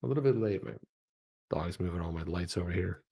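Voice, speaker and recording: Animated sarcastic male show co-host. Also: low-pitched, fairly quick, creaky, breathy edge. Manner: animated, sarcastic, mimics people in quoted voices. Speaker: co-host of a crypto talk show. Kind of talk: casual livestream commentary.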